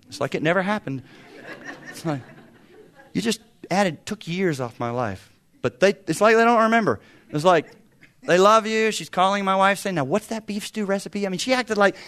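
A middle-aged man preaching a sermon, lively and conversational, acting out quoted voices with humor. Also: mid-range voice. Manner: animated, acts out quoted voices, self-deprecating humor. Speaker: pastor.

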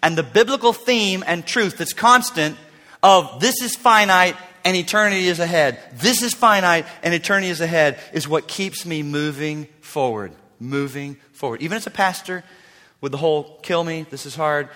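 A man in his fifties preaching a sermon as pastor, swinging from loud emphatic lines to hushed, near-whispered asides. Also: a little high, normal speed, big-room sound. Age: 50s.

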